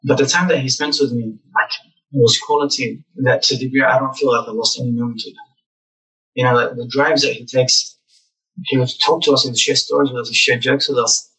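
A young man telling lively stories about his childhood as a guest in a casual interview. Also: mid-range voice, brisk, distant mic, rough recording. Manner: animated, acts out childhood memories.

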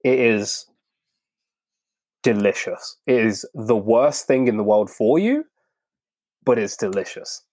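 A man's voice: on the low side, lively intonation, slow, pauses often, a little mellow, dry recording. Man with a Birmingham accent. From Birmingham, England. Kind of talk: casual chat.

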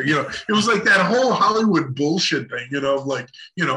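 Bright-voiced man telling a rambling story. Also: fairly high pitch, very animated, a little fast, few pauses, poor audio. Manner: rambling, many restarts and laughs. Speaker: guest. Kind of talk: casual storytelling chat.

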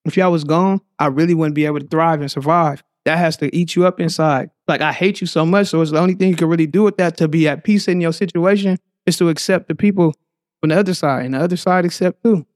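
A young man from the Bay Area with a Bay Area accent, talking in a slangy, rambling, animated way as a podcast guest. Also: on the high side, fast, no echo, studio quality. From San Francisco Bay Area. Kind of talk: casual chat.

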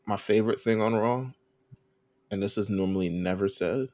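A man's voice: on the low side, normal speed, darkish tone. A young man co-hosting a casual wrestling podcast, laid-back and profane. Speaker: podcast co-host.

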